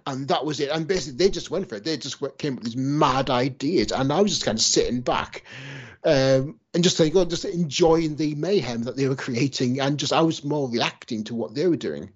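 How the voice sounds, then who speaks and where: Husky man, laid-back podcast co-host. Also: medium pitch, brisk. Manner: relaxed, hedging with fillers like "kind of". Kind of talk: casual podcast conversation. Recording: dull lo-fi podcast audio.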